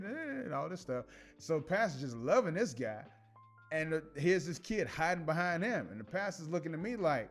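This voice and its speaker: A man hosting a casual commentary show, telling stories in an animated way with slang and frequent laughs. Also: on the high side, a little fast, faint music behind. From Chicago. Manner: animated, laughs often, many restarts and slang.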